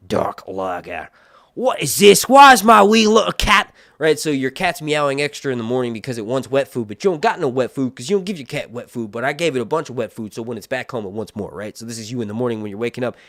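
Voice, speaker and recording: A man's voice: medium pitch, quick pace, no room sound, clean studio sound. A man hosting a casual live stream about a TV show, rambling and joking crudely off topic. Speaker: host of a TV show review stream.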